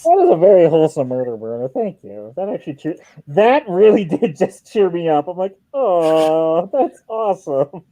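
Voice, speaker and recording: A man's voice: on the high side, sing-song, fairly quick, few pauses, dark tone, no room sound, low-quality recording. A man hosting a stream in casual, joking chat, swearing and laughing often. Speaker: stream host.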